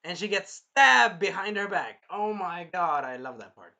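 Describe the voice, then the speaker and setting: A man excitedly recapping an anime episode on camera, swearing, apologizing and acting out the scenes. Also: high voice, measured pace, vocal fry. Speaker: anime reviewer.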